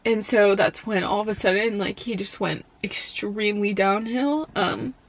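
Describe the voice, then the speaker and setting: Soft-spoken young woman, tearful and halting. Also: medium pitch. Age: young adult. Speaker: college student. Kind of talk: personal storytelling vlog.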